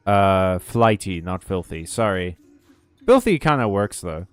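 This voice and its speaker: A man's voice: low voice, very animated, a little slow, clean tone, no echo, soft background music. Rambling man streaming a game. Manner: rambling, ranty, laughs often. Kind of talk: casual game stream chat.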